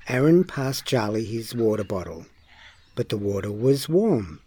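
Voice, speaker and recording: Slow, lively male storybook reader. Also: lowish voice, breathy edge. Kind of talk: children's story read-aloud.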